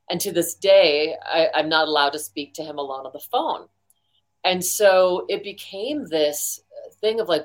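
Earnest woman telling a personal story. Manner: earnest, storytelling, acts out quotes with lively pitch jumps. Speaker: guest, mental health professional.

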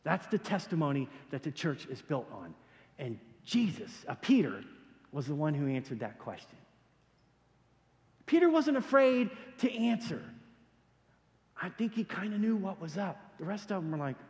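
A male pastor preaching a sermon in a casual, animated storytelling way, with slangy asides. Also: a little high, normal speed. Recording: long hall reverb.

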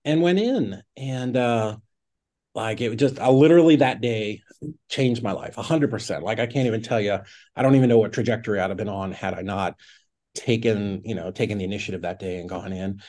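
A man's voice: fairly low pitch, fairly quick, warm tone. A middle-aged man, a podcast guest, telling a story in casual conversation, filling his talk with "like" and acting out his own past thoughts. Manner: chatty, peppers speech with "like", acts out his own past thoughts. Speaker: podcast guest, real estate investor.

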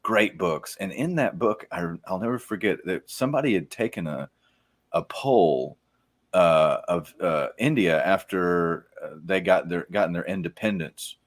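A man with a very low, deep voice hosts a casual podcast chat. He is middle-aged and rambles loosely, often stopping to restart a thought or fill a gap with an "uh." It sounds like easygoing talk among friends. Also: expressive, measured pace. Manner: rambling, with frequent fillers and restarts. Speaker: podcast host.

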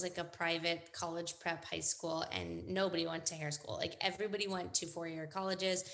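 Lower-voiced upbeat woman guest. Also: bright, forceful tone. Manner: agreeable, upbeat, frequent "like" and "um". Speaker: guest, hair educator. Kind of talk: casual interview chat.

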